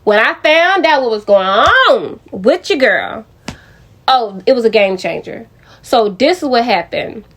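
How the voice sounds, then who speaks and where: A woman's voice: on the high side, animated, measured pace, a bit bright, breathy edge. Chatty young woman vlogging. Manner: chatty, addresses viewers directly, with frequent restarts. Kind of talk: casual storytelling to viewers.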